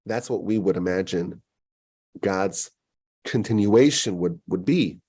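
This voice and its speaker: A man giving a Torah lecture as a rabbi, animated and acting out quoted voices. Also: measured pace, husky. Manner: animated, acts out quoted voices with big pitch jumps.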